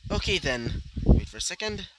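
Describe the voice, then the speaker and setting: A man's voice: sits high, sing-song, normal speed, heavy background noise, voice pushed up. A man voicing a caring, attentive mother in a fan story. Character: caring mother, adult woman.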